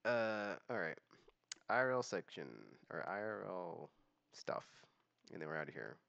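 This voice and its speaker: A man's voice: low voice, animated, unhurried, gravelly, a bit bright, no room sound, highs cut off. A young man hosting a casual monthly vlog, rambling with many fillers and restarts. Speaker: vlog host.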